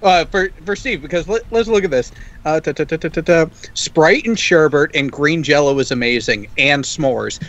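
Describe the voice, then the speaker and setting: A man's voice: on the high side, moderate pace, fairly bright tone. A man in casual group call banter, blunt and sarcastic. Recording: dull lo-fi online call audio.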